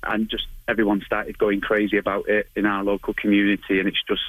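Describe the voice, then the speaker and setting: A man in his thirties from England, speaking with a Manchester accent, is a martial arts instructor guesting on a casual phone interview. His voice is fairly low, monotone, and brisk with a fairly bright tone, and he fills his talk with ums, restarts, and frequent laughs. The low-quality recording has no echo.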